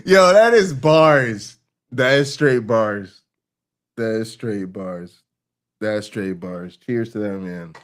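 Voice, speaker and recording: Animated, profane man reacting on a livestream. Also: lowish voice, takes it slowly. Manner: animated, profane, swings from murmur to excited laughter. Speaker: streamer host.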